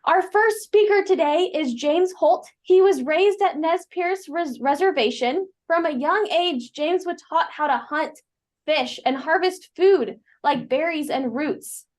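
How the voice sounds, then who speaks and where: Brief: woman host, high voice, reads the intro from script. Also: measured pace. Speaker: livestream host.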